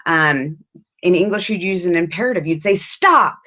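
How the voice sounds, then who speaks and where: A woman teaching an English lesson to learners, explaining slowly and patiently, with frequent ums. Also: on the low side, fairly bright tone. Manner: slow, patient, with many ums. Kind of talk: classroom lesson.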